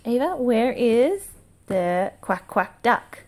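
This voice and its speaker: A mother quizzing her toddler with flash cards, asking questions slowly in a sing-song voice, praising her and making animal noises. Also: on the high side, big pitch swings.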